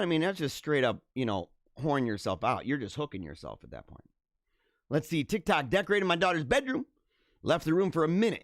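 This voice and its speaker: A man's voice: on the high side, no echo, clean studio sound. A man hosting a casual livestream, rambling and laughing as he reads comments and mimics voices. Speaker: livestream host.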